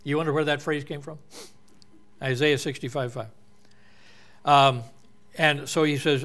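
A man's voice: a little high, steady tone, measured pace, long pauses, fairly bright tone, faint music behind. A man preaching a sermon in an earnest, explanatory way, quoting and unpacking scripture.

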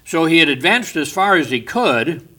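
A man with a bright, forceful voice teaching a Bible study. He explains patiently, leans on key words and circles back to restate each point. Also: fairly high pitch, sing-song, moderate pace.

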